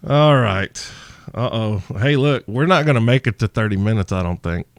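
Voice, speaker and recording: A man's voice: on the low side, animated, moderate pace, no echo. A man hosting a podcast, answering listener questions in a crude, brash, joking monologue. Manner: profane, brash, mock-seductive. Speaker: podcast host.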